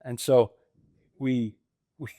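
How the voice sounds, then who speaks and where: An American man in his fifties, a franchise owner appearing as a guest, tells his career story in a casual interview, acting out voices and laughing often. His mid-range voice has a level, dark tone, and he speaks extremely slowly. The recording is dry and studio-clean.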